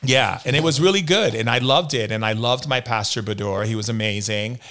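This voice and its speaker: A man from the United States, speaking in a mid-range voice that's brisk, pushed and bright, is a guest in a sit-down interview. He earnestly tells personal stories and acts out what other people said.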